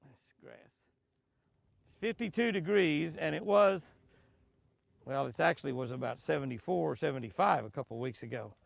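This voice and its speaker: Fishing show host guy out on a boat, super gravelly voice, kinda high, keeps exclaiming and chuckling to himself. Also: lively intonation, moderate pace, long pauses, no echo. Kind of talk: excited fishing commentary. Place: outdoors on a boat on a lake.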